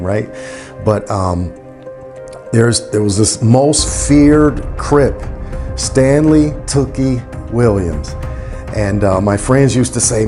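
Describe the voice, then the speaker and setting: A middle-aged man from Michigan telling his own life story in a casual, animated way, full of fillers and acted-out quotes. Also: mid-range voice, slow, music in the background. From Battle Creek, Michigan, US. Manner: animated, acts out quoted voices, frequent fillers. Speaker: storyteller in a docu-series.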